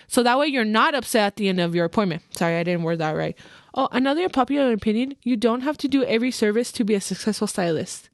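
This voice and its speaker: A young woman hosting a podcast, chatting casually about her work as a hairstylist, animated and mixing in Spanish phrases. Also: on the high side, no room sound, studio quality. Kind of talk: casual chat.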